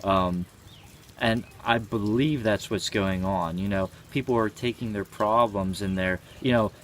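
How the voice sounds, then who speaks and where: A man's voice: lowish voice, fairly even intonation, measured pace, a bit bright, a little hiss or hum. A man in his twenties giving a reflective personal monologue, speaking earnestly and thinking aloud with frequent hesitations. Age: 20s.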